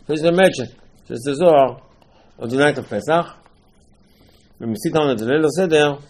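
Speaking on the high side at a moderate pace, a man gives an animated Passover sermon in his role as a Torah teacher. The talk is full of rhetorical questions and repeated phrasing.

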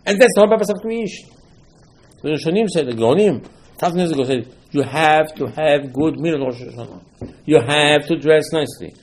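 A man teaching Torah in a sermon, emphatic, repeating phrases and speaking English in non-native phrasing. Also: on the high side. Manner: emphatic, repeats phrases, quotes texts in dialogue.

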